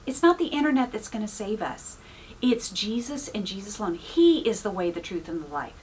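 A woman's voice: medium pitch, animated, a little fast, a little mellow, a little hiss or hum. A woman pastor giving an informal, earnest sermon, full of "you know" fillers. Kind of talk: conversational sermon.

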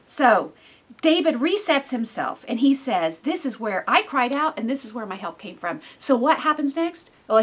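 A woman giving earnest, heartfelt devotional Bible teaching, dropping to soft near-whispers and rising to loud, emphatic bursts. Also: high voice, slightly rough.

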